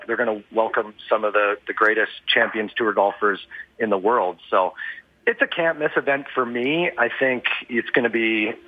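A man's voice: lowish voice, no echo. Easygoing man on a phone line. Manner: easygoing, joking, laughs often. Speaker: morning radio co-host. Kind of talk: casual radio chat. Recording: tinny phone-line sound.

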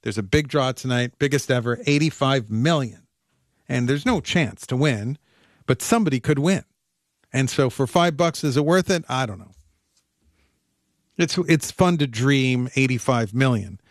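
A man's voice: medium pitch, normal speed, no room sound, clean studio sound. A man co-hosting a radio show in casual, rambling chat. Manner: chatty, rambling, easygoing. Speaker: radio co-host.

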